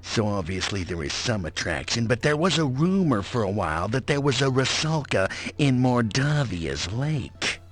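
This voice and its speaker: A man's voice: mid-range voice, very animated, normal speed, few pauses, faint music behind. An actor playing a laid-back male villager in a video game, drawling with slangy, conspiratorial asides.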